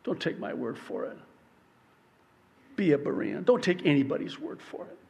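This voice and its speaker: A man preaching a sermon as pastor, emphatic, swinging between loud yelling and hushed, quiet passages. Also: on the high side, very animated, normal speed, gravelly, long reverb tail.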